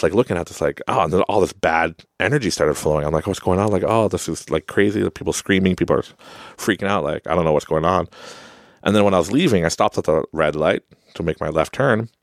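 A man's voice: low-pitched, no room sound, studio quality. A man hosting a podcast, telling rambling stories in a casual monologue, full of fillers and frequent laughs. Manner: rambling storytelling with many fillers. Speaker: podcast host.

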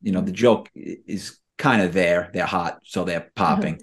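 A low-pitched man hosting a podcast and leading a relaxed conversation. He steers the talk and puts questions to the others. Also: moderate pace. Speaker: podcast host. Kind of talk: casual chat.

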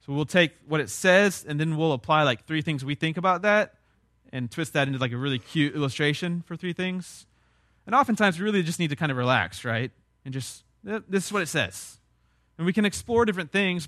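A man's voice: a little high, fairly bright tone, dry recording, studio quality. A young man, preaching a sermon in a conversational, emphatic way. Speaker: pastor.

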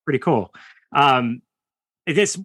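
Male podcast host, upbeat and bright, dry close sound. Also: mid-range voice, animated, slow, dry recording. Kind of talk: casual interview chat.

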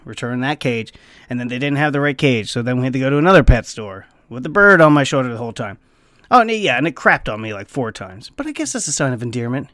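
A man casually telling a story on his vlog. He swears freely and breaks into squeaky bird noises. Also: big pitch swings, fast, fairly bright tone, no room sound, clean studio sound. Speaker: vlogger.

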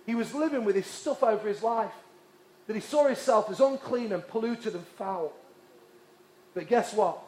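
A man from England, preaching with passionate, repeated emphasis that drops to hushed tones. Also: sits high, normal speed. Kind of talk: sermon. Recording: echoey hall.

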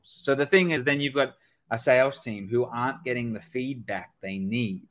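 A medium-pitched, brisk voice belongs to a man featured as a sales expert on a chatty podcast. He's energetic and performs snippets of sales-call dialogue.

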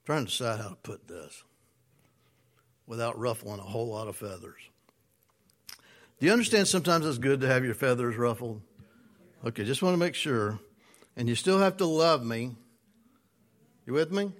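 A man's voice: mid-range voice, animated. A man preaching a conversational sermon, stretching key words and checking in with the congregation. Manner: drawn-out emphatic words, playful asides. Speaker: pastor.

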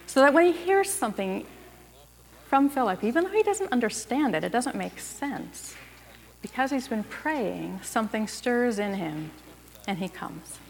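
A woman's voice: on the high side, vocal fry. A woman preaching a sermon in a church, speaking conversationally and putting questions to her listeners. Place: church sanctuary. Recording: long reverb of a large room.

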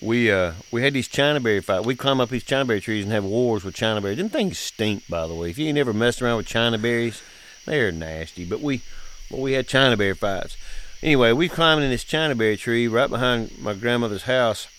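In a lively, slightly fast mid-range voice with a bit of brightness, a middle-aged podcast host recounts stories about his family. He's a father with a folksy, drawling style who laughs often, keeping the chat casual. Slight background noise can be heard.

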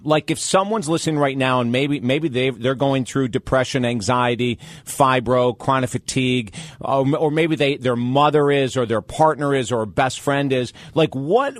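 A man hosting an interview, chatty and laughing easily as he thinks out loud. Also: mid-range voice, no echo. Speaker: host.

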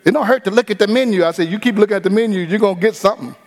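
A high-voiced man preaches with energy, slipping into the voices of the people he describes. His easygoing church talk rings through a long, echoing hall. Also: rapid-fire. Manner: animated preaching with acted-out quotes. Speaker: pastor. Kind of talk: sermon.

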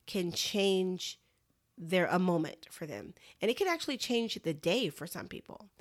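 A woman's voice: on the low side, no echo, clean studio sound. A middle-aged woman, giving earnest, candid encouragement in a casual talk to listeners. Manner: earnest and candid, addresses listeners as "y'all" and "you guys". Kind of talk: casual heartfelt talk to camera.

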